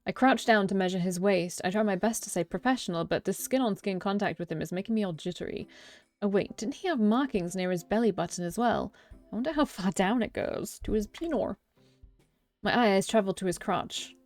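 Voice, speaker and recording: A woman's voice: mid-range voice, fairly quick, a little mellow, faint music behind. A young woman reading a visual novel aloud as its narrator, often breaking off into joking, cursing asides and self-corrections. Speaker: let's play streamer.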